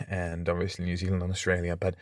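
Chatty South African man, low voice. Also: completely flat delivery, quick pace, darkish tone, dry recording, clean studio sound. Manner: chatty, stammers on restarts. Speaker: podcast guest. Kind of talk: casual interview chat.

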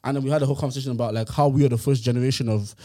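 A man's voice: mid-range voice, fairly even intonation, racing, mellow. A man from Ireland arguing insistently in a casual podcast debate, often talking over the others.

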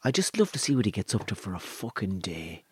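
An Irish man hosting a casual chat, telling profane, lively stories and mimicking voices. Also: on the low side, brisk, slightly rough, dry recording.

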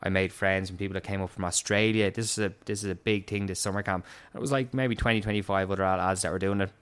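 A young man with an Irish accent chats about a mishap, his slightly low voice smooth and clear. He tells it with animated energy, swearing and breaking into laughs as he goes. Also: quick pace. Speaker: guest telling a story. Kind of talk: casual chat.

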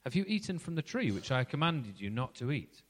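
A man's voice: medium pitch, very animated, a little fast, in a large hall. God calling in the garden, read by a man. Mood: searching. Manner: read aloud as a searching question.

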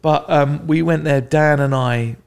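A man's voice: on the high side, fairly even intonation, a little slow, creaky, clean tone. A middle-aged man, a comedian guest, chatting casually with wry banter. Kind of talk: casual chat.

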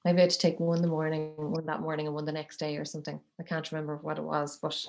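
A woman, speaking as a guest in a halting, soft-spoken personal account, tearful at times, with many fillers. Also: low-pitched, completely flat delivery, creaky.

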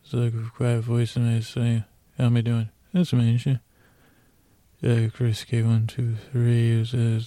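A man's voice: medium pitch, completely flat delivery, slow, mellow, dry recording. A man hosting a bedtime podcast, rambling and mumbling with playful asides as he thanks listeners. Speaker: podcast host.

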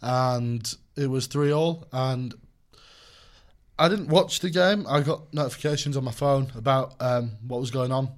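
A man's voice: medium pitch, unhurried. A young man co-hosting a casual podcast chat, jokey and rambling with plenty of ums and restarts. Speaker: podcast co-host.

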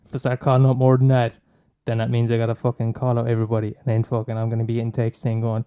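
Swearing Irish man rambling, very dark voice. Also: mid-range voice, completely flat delivery, racing, hardly any pauses, clear, resonant tone. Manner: swearing, laughing, teasing, self-mocking. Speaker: podcast host recommending films. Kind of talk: casual rambling monologue.

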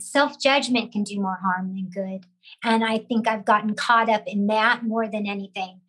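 A woman's voice: medium pitch, fairly bright tone, breathy edge, poor audio. A woman, a working actress, speaking as a podcast guest in a candid, reflective way. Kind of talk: casual interview chat.

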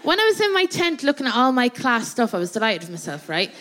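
A woman's voice: on the high side, very animated, quick pace, a bit bright, slight background noise. An Irish woman doing comic storytelling on stage, chatty and laughing through her own tale, checking in with "right?" as she goes. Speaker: comedian and guest co-host. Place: theatre stage before a live audience.

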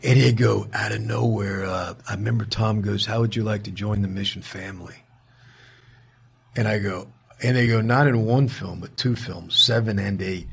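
Gravelly husky man telling a story. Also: fairly low pitch, normal speed. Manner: animated anecdote-telling, quoting others, many restarts. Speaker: actor guest. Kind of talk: casual interview storytelling.

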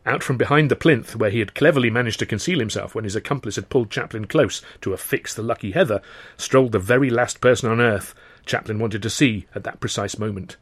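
A man's voice: on the low side, quick pace, husky. A man reading his own first-person novel aloud as narrator, in a dry, wry storytelling manner. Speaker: author and narrator.

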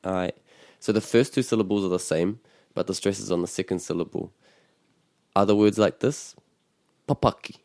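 A man's voice: sits low, steady tone, a little fast, creaky, pauses often, darkish tone, dry recording, studio quality. A man with a New Zealand accent teaching te reo Māori, patiently explaining grammar and modelling pronunciation. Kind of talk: relaxed language lesson.

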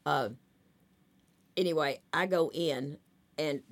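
A woman with a drawl tells loose, rambling stories as a guest in a casual interview. Her voice sits low for a woman, and she leans on plenty of fillers as she goes. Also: slow. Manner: chatty, rambling anecdotes with many fillers. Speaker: talent agent, guest.

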